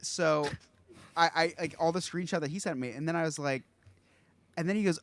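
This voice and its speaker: A man hosting a podcast, telling a story in an animated, excitable way and acting out what others said. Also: fairly high pitch, a little fast, long pauses, dry recording. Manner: animated, excitable, acts out quotes. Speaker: podcast host. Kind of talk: casual storytelling chat.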